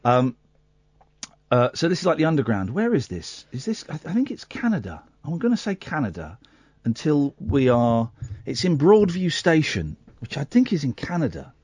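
Animated man hosting late-night radio. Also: a little high, moderate pace, husky, no echo. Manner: chatty and animated, with asides and self-corrections. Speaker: radio host. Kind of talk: late-night radio chat, reading out a news story. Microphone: studio microphone.

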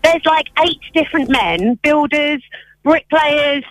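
A woman's voice: high voice, slow, no echo. A young English woman reporting down a phone line, flustered and embarrassed as she does a prank in a shop.

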